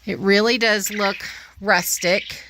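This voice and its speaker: A woman's voice: medium pitch, fairly even intonation, slow pace, bright, forceful tone, a little hiss or hum. A woman vlogging casually from her homestead, chatting to the camera about small projects. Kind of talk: casual vlog chat. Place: tiny home and yard on a rural homestead.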